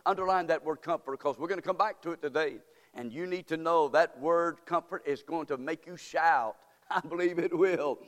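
A male pastor preaching a sermon, reading scripture slowly and with emphasis, calling on the congregation to respond, then praying. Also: a little high. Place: church sanctuary. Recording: reverberant hall.

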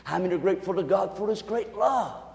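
A man preaching a sermon in call-and-response style, swinging from quiet murmurs to shouts, in an echoey hall. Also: sits high, animated, quick pace, creaky.

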